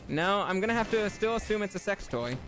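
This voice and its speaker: During a platformer stream, a man with a slightly higher voice talks animatedly and briskly with his chat. He reads viewer messages aloud, keeps bursting into loud, high laughter, and faint music sits underneath.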